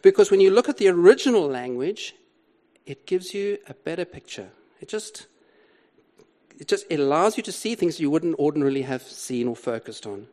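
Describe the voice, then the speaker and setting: A man's voice: a little high, animated, normal speed, a little mellow. An older man preaching a sermon, explaining a Bible passage with emphatic repetition and rhetorical questions. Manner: emphatic, repeats key words, rhetorical questions.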